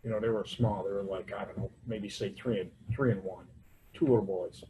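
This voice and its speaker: A man's voice: fairly low pitch, steady tone, a little fast, dark tone, a little hiss or hum, low-quality recording. Casual self-mocking man telling his story. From United States. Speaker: recovery convention speaker. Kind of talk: personal recovery story told to a crowd. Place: convention hall.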